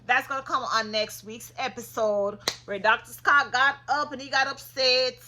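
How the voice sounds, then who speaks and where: A woman casually recapping a reality show, sassy and opinionated, getting loud when she gets passionate. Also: high voice, steady tone, normal speed, slight background noise.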